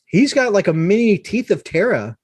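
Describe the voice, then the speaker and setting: A man's voice: high-pitched, big pitch swings, normal speed, darkish tone, dry recording. A man co-hosting a casual gaming live stream, explaining game stats and rules step by step. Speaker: co-host of a tabletop gaming live show.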